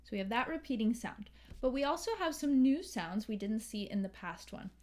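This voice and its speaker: An American woman teaching English pronunciation, slowly and carefully modeling sounds and words. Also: a little high, expressive, a little mellow. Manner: slow, careful, models sounds and sings lines. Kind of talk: pronunciation lesson with sung examples.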